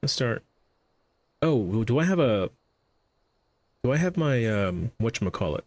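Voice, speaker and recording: Streaming a game, a man offers casual commentary in an unhurried, slightly mellow, mid-range voice with big swings in pitch. He waves off the game's dialogue and stumbles over his words as he chats.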